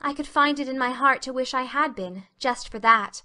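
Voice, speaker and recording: A woman voicing an earnest, affectionate young girl who talks in an eager, expressive way. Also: sits high, moderate pace. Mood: wistful. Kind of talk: full-cast audiobook drama.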